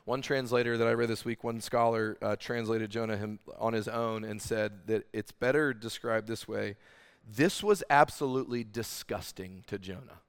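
Man preaching in a smooth voice. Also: lowish voice, normal speed. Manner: earnest, animated preaching with rhetorical questions. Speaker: pastor. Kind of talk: sermon. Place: large room with congregation.

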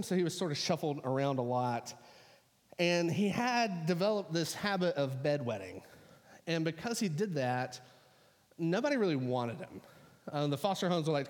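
A pastor preaching a sermon, telling a story in a relaxed, conversational way full of fillers. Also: male voice, a little high, long reverb tail.

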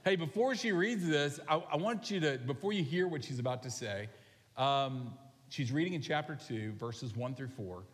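A man preaching a sermon to his congregation in a relaxed, animated way, often asking the people questions. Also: mid-range voice, normal speed. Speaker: pastor. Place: large church sanctuary. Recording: long reverb of a large hall.

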